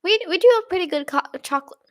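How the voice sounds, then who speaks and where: Very high and animated, the voice races along as a Swedish channel host in her twenties reads out viewer comments. She chats casually and cheerfully, rambling and laughing often, and the recording has no echo.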